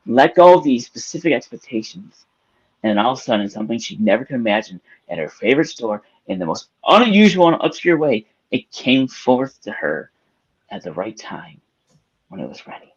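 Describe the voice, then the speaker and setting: A husky, slightly breathy man co-hosting a spiritual discussion, talking through ideas in long, winding, reflective sentences. He speaks at a middling pitch and often drifts into telling stories. The sound is dull and lo-fi, like a home live stream. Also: big pitch swings, moderate pace. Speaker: co-host.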